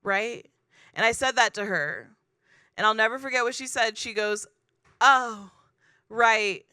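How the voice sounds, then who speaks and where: A woman doing stand-up comedy into a handheld mic, her voice high and very bright. The sound is close and dry, with little room around it. She delivers her jokes deadpan and self-deprecating. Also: moderate pace, smooth, no room sound. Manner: deadpan, self-deprecating, acts out quoted people. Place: comedy club stage.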